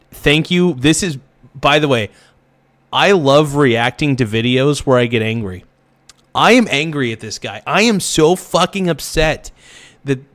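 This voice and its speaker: A man of middle pitch rants through an angry reaction video. He swears freely, repeats himself and keeps building his outrage. The sound is dry and close. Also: no echo. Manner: heated, profane, ranting with repeated phrases.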